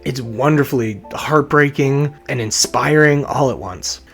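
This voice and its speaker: A man's voice: mid-range voice, unhurried, gravelly, a bit bright, slightly rough, faint music behind. A man reviewing books in casual, earnest talk, openly emotional about the lines he loves. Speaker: book reviewer.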